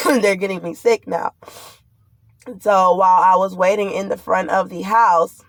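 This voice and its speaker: A woman's voice: mid-range voice, steady tone, slow pace, no echo. A pregnant woman recounts a frightening ordeal in an urgent, rambling, fearful way. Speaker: vlogger. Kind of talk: distressed personal account to camera.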